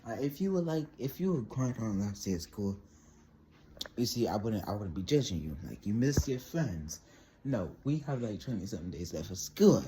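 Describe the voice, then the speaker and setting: A teenage boy rambling through a casual story, animated and laughing often. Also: on the low side, moderate pace, a little hiss or hum. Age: teens. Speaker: vlogger.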